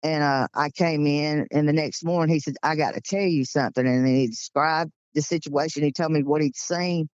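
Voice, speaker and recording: A woman's voice: low-pitched, steady tone, a little fast, hardly any pauses, a little mellow, dry recording. Southern woman in her sixties with a Georgia accent, rambling folksy storyteller, muffled dry lo-fi recording. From Georgia, USA. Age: 60s. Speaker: guest recounting encounters. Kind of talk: casual storytelling.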